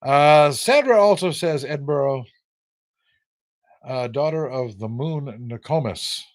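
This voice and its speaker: A man's voice: mid-range voice, lively intonation, slow pace. An older American man hosting a live trivia stream, casually teasing viewers and reading out their answers with sarcastic banter. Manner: teasing, sarcastic, reads viewer names aloud. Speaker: livestream trivia host.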